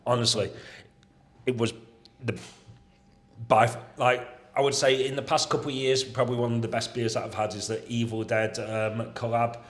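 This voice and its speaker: A man chatting as a podcast guest, enthusiastic and a little crude as he gushes. His voice sits at an ordinary middle pitch in plain, casual talk. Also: level tone, moderate pace, fairly bright tone. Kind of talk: casual chat.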